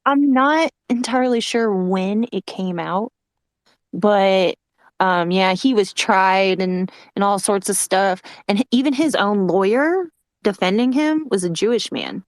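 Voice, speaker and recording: A woman's voice: medium pitch, a little slow, no echo. A young woman in casual chat, loose and swearing, filling with "like" and "um". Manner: loose, swears, says "like" and "bro".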